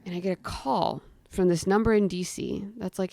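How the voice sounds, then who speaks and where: A woman's voice: fairly low pitch, normal speed, creaky, few pauses, dark tone, no room sound. A young woman tells a story in a chatty, casual way, peppering her talk with "like". She acts out the voices of herself and others as she goes. The sound is dry and close. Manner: chatty, frequent "like" fillers. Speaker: guest storyteller.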